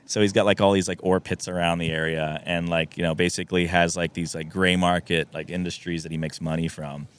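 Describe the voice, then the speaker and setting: A man's voice: low-pitched, level tone, a little fast, hardly any pauses, clean tone. A man in his thirties telling a long personal story on a podcast, acting out quotes and laughing often. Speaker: podcast guest. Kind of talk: casual storytelling. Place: podcast studio.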